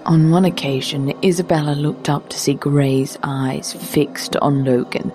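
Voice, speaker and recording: Woman storyteller, low voice, measured period narration, soft music bed.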